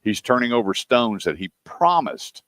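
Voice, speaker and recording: A man's voice: mid-range voice, moderate pace, dry recording, clean studio sound. A man hosting a radio show, telling stories casually and acting out what others said. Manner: animated storyteller, acts out quotes.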